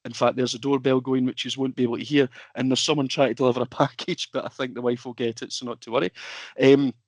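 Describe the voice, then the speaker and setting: A man talks through a product on a webinar from his home office. He is chatty and informal, leaning on fillers as he explains. His voice sits at an ordinary pitch and sounds dry and close over a computer mic. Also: little pitch movement, fast, no room sound. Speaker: product presenter.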